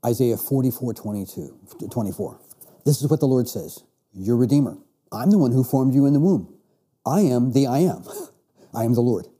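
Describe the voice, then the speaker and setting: A middle-aged man leads a Bible lesson, reading passages and then explaining them in a loose, emphatic way. His voice is very dark and mellow, with a husky edge. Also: medium pitch, lively intonation, normal speed. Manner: reads scripture then explains with emphatic restarts. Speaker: Bible teacher. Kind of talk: classroom Bible lecture.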